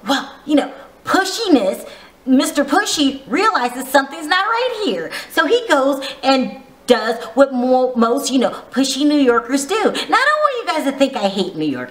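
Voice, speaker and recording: A woman's voice: high-pitched, fairly bright tone, roomy sound. A woman giving a casual, gossipy recap of a reality show, teasing and full of asides. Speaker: vlogger reviewing a reality show.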